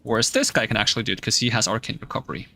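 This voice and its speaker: A man's voice: on the low side, racing, gravelly, bright, forceful tone. A male streamer giving casual gameplay commentary, thinking aloud and puzzling over the game's rules.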